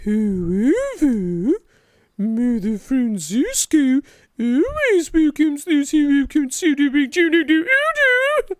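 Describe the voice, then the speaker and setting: A man voicing a gentle, sly elderly nun in a high falsetto while reading game dialogue. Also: sing-song, slow, dry recording, exaggerated voice.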